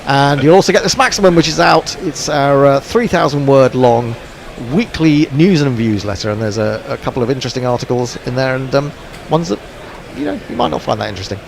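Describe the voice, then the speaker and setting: A man doing relaxed ball-by-ball cricket commentary on an internet radio stream, chatty and dry, with plenty of fillers. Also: medium pitch, brisk, creaky, hardly any pauses. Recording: faint background noise.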